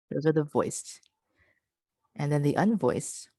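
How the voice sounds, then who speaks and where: A woman's voice: low voice, moderate pace, long pauses, warm tone, dry recording, low-quality recording. A woman presenting an online pronunciation workshop over a video call, patiently modelling and repeating example words and encouraging participants.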